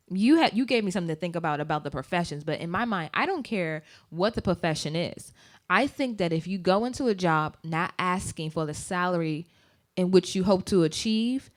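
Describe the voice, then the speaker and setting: Woman podcast co-host, somewhat low voice, emphatic anecdote-driven talker. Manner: emphatic, gives advice in anecdotes; mimics voices when quoting people. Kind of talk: casual podcast chat.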